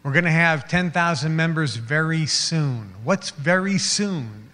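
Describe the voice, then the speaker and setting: A man delivers a motivational talk in a fairly high voice, slipping into quick acted voices to make his points. The sound carries a long reverb, as in a hall. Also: expressive, pushed and bright. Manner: acts out little scenes in quoted voices, laughs along. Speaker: motivational speaker.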